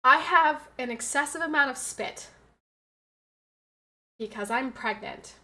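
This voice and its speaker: A young pregnant woman streaming, chatting with her viewers in a loud, excitable, fast-talking way. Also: high voice. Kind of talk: casual chat with live viewers.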